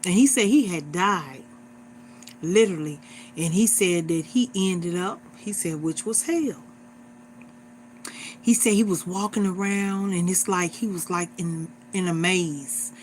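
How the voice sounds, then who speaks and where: A woman's voice: fairly low pitch, measured pace, a little hiss or hum. A woman in her forties hosting a livestream, talking to her viewers in an earnest, repetitive, exhorting way, like a casual sermon. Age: 40s. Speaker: livestream host.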